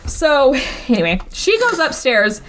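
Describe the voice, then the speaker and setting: A woman with a high voice gives a casual, comedic movie recap. Her pitch swings widely as she tells the story. She talks with loose profanity and acts out the characters' lines. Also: a little slow, slight background noise. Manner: animated and profane, acts out quotes. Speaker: podcast co-host recapping a movie.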